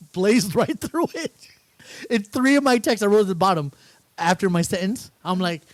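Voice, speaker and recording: A man's voice: sits high, moderate pace, no echo. A man co-hosting a casual podcast, telling a story with lots of laughter and quoted lines. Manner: animated storyteller, laughs often, mimics texts. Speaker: podcast co-host. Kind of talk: casual chat.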